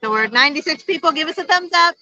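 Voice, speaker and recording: Chatty middle-aged woman, bright voice. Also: sits high, lively intonation, very fast, faint music behind. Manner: chatty, laughs often. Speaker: vlog co-host. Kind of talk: casual livestream chat. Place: outdoor patio at a bar. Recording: dull lo-fi phone stream.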